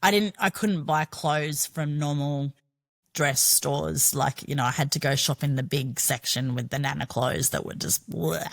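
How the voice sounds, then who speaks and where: A woman's voice: deep voice, a little slow, vocal fry. A middle-aged Australian woman telling her own story as a podcast guest, frank and chatty, swearing freely. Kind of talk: candid personal storytelling.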